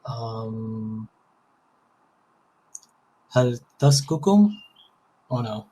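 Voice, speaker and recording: A man answering as a student in a live class, hesitant and halting with fillers. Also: medium pitch, animated, warm tone, husky, low-quality recording.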